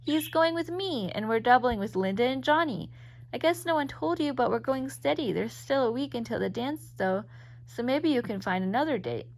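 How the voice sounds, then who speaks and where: A lively, popular teenage girl from an old magazine story, as a woman reader acts her out. She talks gaily and a bit higher than plain narration, softening into apology. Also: normal speed. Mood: apologetic. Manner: bright, lively and gushing. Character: popular teenage schoolgirl, gay and breezy.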